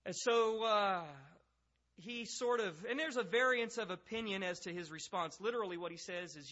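Male pastor, higher-pitched, conversational sermon style that slips into quoted voices, muffled lo-fi audio. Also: steady tone, moderate pace, sharp tone. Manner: conversational preaching, acts out the speakers he quotes.

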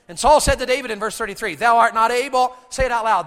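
A man preaching a sermon to a congregation. He drops to hushed asides, shouts out acted battle cries, and keeps asking the crowd to answer him. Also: very high voice, a little fast, vocal fry, long reverb tail. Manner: calls out to the congregation for responses.

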